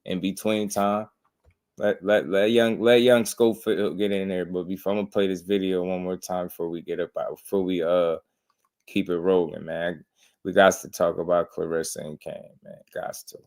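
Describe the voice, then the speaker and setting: A man's voice: sits low, little pitch movement, moderate pace, darkish tone. A man hosting a boxing talk show, chatting in a casual, slangy way and often laughing. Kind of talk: casual commentary.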